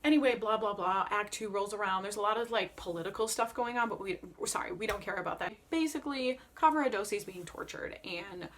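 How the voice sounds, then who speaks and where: A woman chatting casually as an Enneagram coach, animated and emphatic, with playful jokey asides. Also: mid-range voice, fairly quick, hardly any pauses, a little hiss or hum. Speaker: Enneagram coach and opera vlogger. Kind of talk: casual vlog chat.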